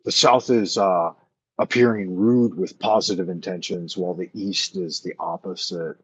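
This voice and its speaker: A man's voice: low voice, steady tone, normal speed, slightly rough, no room sound, muffled recording. A man hosting a casual late-night chat, rambling and thinking aloud with many fillers as he answers his viewers. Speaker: livestream host answering chat.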